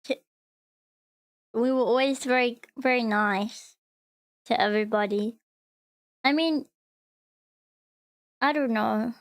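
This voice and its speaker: An Australian VTuber speaks slowly with long pauses in a high, bright voice, loosely chatting during her live stream. Rambling and chatty, she fills silences with "like" and reads her viewers' messages aloud in reaction.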